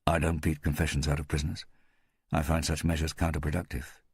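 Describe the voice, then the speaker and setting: A man voicing a cold, bored male interrogator in an audiobook, who speaks quietly, slowly and without interest. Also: rumbling low, flat delivery, husky, no room sound, exaggerated voice. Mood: musing. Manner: quiet, slow, disinterested.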